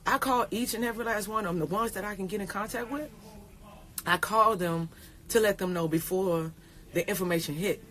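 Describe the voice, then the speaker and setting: A woman, talking in a rambling, tearful way on a phone livestream, repeating herself and swearing. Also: lowish voice. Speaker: pro basketball player. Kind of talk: casual livestream talk.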